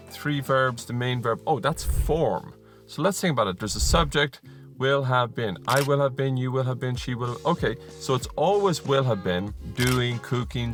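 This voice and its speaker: A man explaining English grammar for teachers, thinking aloud and slowly modelling example sentences, repeating them for rhythm. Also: mid-range voice, a bit bright. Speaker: CELTA trainer and channel host. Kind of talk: teaching video talking to camera.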